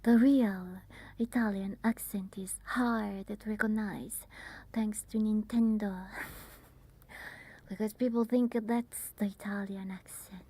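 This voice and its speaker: A woman talks to her livestream viewers in a soft ASMR whisper. Her voice is breathy and mellow, and her pace is slow. She often stops and restarts with small fillers. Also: medium pitch, fairly even intonation, dry recording. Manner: halting, with many fillers. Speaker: ASMR streamer.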